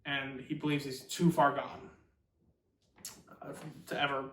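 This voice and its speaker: The audio echoes around what sounds like a bare room, with the speaker well away from the microphone. He's a book-channel host with a mid-range voice, retelling a novel's plot animatedly and rambling along with lots of fillers and fast restarts.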